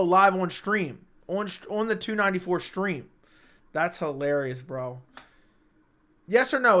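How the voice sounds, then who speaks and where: A male livestream host leads a casual chat, animated and emphatic, repeating himself and swearing freely. His voice is high-pitched, recorded on a studio microphone.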